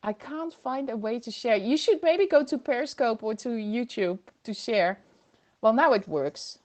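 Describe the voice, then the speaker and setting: A woman chats through a casual livestream from home, greeting viewers by name and laughing as she goes. Her voice sits high, and she speaks into a computer microphone. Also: expressive, measured pace, a little mellow. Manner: chatty, reads viewer comments aloud, laughs often. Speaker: livestream host.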